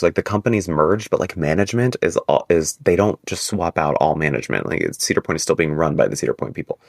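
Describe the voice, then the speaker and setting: A man co-hosting a casual podcast, telling stories in an animated, exasperated way. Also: quick pace, gravelly, few pauses, no room sound, studio quality. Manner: animated, exasperated storytelling with big pitch jumps. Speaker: podcast co-host.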